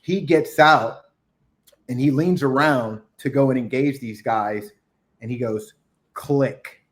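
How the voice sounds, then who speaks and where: Man telling an animated war story. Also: mid-range voice, measured pace. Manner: animated war storytelling, acts out shouted quotes. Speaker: podcast guest, retired Navy SEAL chief. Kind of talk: casual storytelling interview.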